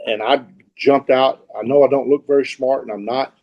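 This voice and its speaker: A man's voice: medium pitch, fairly even intonation, moderate pace, muffled recording. A middle-aged man from Mississippi with a Southern accent, giving a folksy, rambling and informal webinar talk as a guest speaker, often repeating words and restarting sentences. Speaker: guest speaker, real estate investor.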